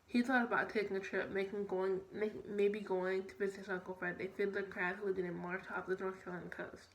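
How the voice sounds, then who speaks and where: A woman's voice: medium pitch, flat delivery, brisk. Young woman, children's story read aloud, stumbling self-corrections, echoey room, faint noise. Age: young adult. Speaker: student reader.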